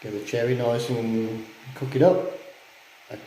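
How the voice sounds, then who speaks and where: A man's voice: medium pitch, flat delivery, unhurried, warm tone, slight background noise. Chatty man in an echoey room. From England. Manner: chatty, explains step by step. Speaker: cigar vlogger. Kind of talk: casual chat and demonstration. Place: indoors at home.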